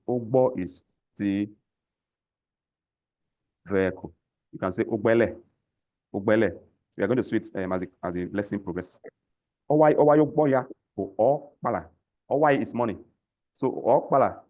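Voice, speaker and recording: A man's voice: fairly low pitch, darkish tone. A man teaching a language lesson over a call, patiently repeating words for learners to echo. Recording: lo-fi call audio.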